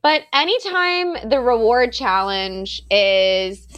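High-voiced woman joking in casual chat. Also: very animated, slow pace, a bit bright, clear, resonant tone. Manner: playful, jokey, dramatic retellings. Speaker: podcast co-host.

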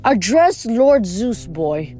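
Calm cool sea god dad, measured and distant, read by a woman, soft music under. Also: on the high side.

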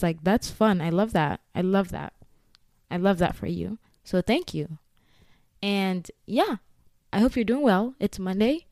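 A woman's voice: medium pitch, a little mellow, no room sound, studio quality. A woman in her twenties hosting her own podcast, rambling casually and giggling often. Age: 20s. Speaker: podcast host. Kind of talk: casual chat.

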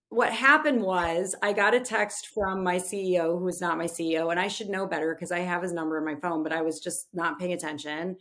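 Woman, thirties, podcast guest, animated storyteller, acts out quotes, casual chat. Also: lowish voice.

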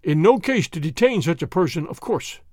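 A man's voice: fairly high pitch, sing-song, normal speed, darkish tone, no room sound, clean studio sound. A man voicing a scheming male revolutionary agent, clipped and commanding, full of impatient fury.

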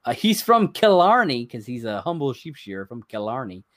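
A man's voice: mid-range voice, big pitch swings, moderate pace, fairly bright tone, no echo. A man co-hosting a podcast, chatting casually as he reads items from a list, rambling and chuckling along the way. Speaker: podcast co-host. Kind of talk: casual chat.

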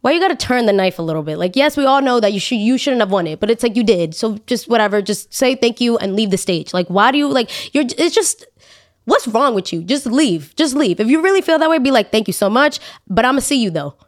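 A woman's voice: on the high side, lively intonation, fairly quick. A woman hosting a podcast, ranting in a casual, dramatic way with exaggerated asides. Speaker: podcast host. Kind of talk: casual opinion monologue.

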